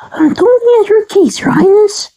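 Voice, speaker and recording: A woman's voice: extremely high pitch, lively intonation, moderate pace, warm tone. A woman voicing a chirpy, upbeat young cartoon character who talks in an eager, naive, rambling way. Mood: cheerful. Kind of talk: fan cartoon voice acting.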